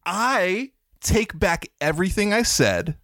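Male podcast co-host, casual and jokey, lively pitch, dry close mic. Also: slow, creaky, dry recording. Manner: animated, jokey storytelling with swings into high mock voices. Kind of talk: casual chat.

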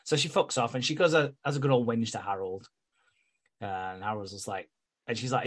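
A man's voice: medium pitch, brisk, fairly bright tone, breathy edge. A man co-hosting a podcast, recapping soap episodes in casual, sweary chat and acting out the characters' lines. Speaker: podcast co-host.

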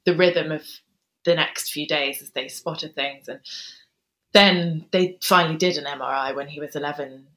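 Low-voiced woman, soft and halting. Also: fairly even intonation, rough recording. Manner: soft, hesitant, pausing with ums. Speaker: guest author. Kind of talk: reflective interview storytelling.

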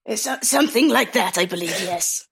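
A woman playing a tabletop game in character, speaking hesitantly and haltingly. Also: on the high side, lively intonation, creaky, fairly bright tone, breathy edge. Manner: hesitant, faltering. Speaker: player.

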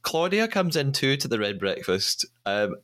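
A man's voice: medium pitch, sing-song, moderate pace, fairly bright tone. A man hosting a podcast, casually retelling scenes with the odd stammered restart. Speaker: podcast host. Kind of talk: casual recap chat.

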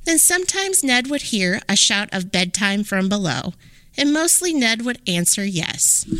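A woman hosting a podcast, reading a rhyming children's story aloud in an expressive, sing-song way. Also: medium pitch, no room sound. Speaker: podcast host.

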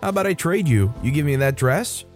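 A bratty, self-centered teen girl with a high, nasal whine, done by a man reading a story aloud. She brushes everyone off and never stops pushing for what she wants. Soft music plays faintly underneath. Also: animated, a little fast, close to an everyday voice. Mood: whiny, dismissive. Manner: whiny, dismissive.

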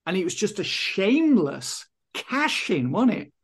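A man's voice: high voice, very animated, unhurried, breathy edge. A man co-hosting a casual wrestling podcast, giving rambling, opinionated takes full of "I mean". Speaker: podcast co-host.

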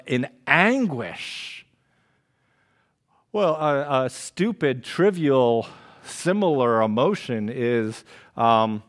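A man preaching a sermon in a casual, conversational way, with slang and rhetorical questions, going quiet and slow on scripture and loud and quick in stories. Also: medium pitch. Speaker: pastor.

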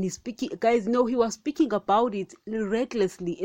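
A woman's voice: a little high, unhurried, hardly any pauses, mellow, no echo. A woman hosting a podcast, giving a casual, rambling Bible talk, with many fillers, rhetorical questions, and frequent calls to listeners as guys. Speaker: podcast host. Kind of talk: casual Bible teaching monologue.

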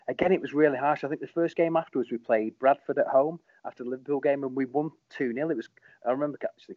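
Rambling ex-footballer telling stories on a dull line. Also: male voice, mid-range voice, no echo. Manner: animated, rambling, lots of ums. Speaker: former football captain, guest. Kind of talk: casual storytelling interview.

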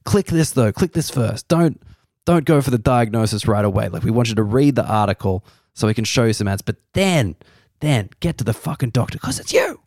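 A man putting on the voice of a fearmongering tabloid headline, shrill and alarmist. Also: lively intonation, brisk, a little mellow, dry recording, clean studio sound.

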